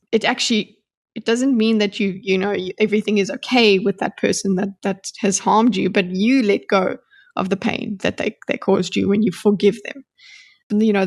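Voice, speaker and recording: Earnest woman thinking out loud. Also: mid-range voice. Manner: earnest, rambling, many restarts. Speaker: podcast co-host. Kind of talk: casual book-club chat.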